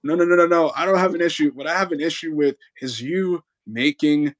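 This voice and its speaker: A young man hosting a casual livestream chat, animated and joking, with quick protests. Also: fairly high pitch. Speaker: livestream host and voice actor.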